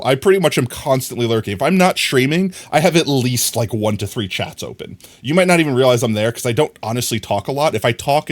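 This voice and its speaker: A young adult man livestreaming, chatting casually and teasingly with his viewers while he plays a game. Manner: playful and teasing, talks straight to chat; animated, rising pitch swings.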